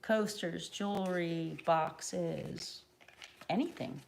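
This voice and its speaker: A middle-aged American woman hosting a craft livestream in a chatty, rambling way, dropping to soft mutters and then bursting out loud. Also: fairly low pitch, very slow, creaky, slight background noise. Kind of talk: casual live-stream chat.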